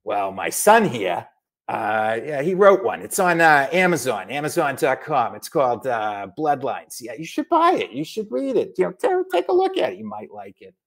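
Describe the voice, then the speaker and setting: A man imitating his elderly father, a gruff old man halting through a pitch for his son's book. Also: very animated. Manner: halting sales pitch full of "uh"s.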